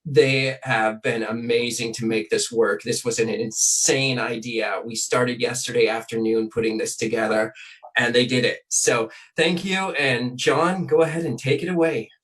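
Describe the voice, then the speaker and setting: A man's voice: mid-range voice, fairly even intonation, normal speed, a bit bright, recorded from a distance, rough recording. Casual man hosting a livestream. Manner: loose, with fillers. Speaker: host.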